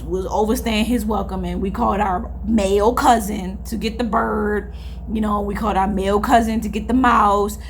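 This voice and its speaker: A woman's voice: medium pitch, a little hiss or hum. A young woman, chatting candidly to her vlog audience, rambling and repeating herself, with sighs along the way. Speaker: vlogger. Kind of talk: casual confessional chat to camera.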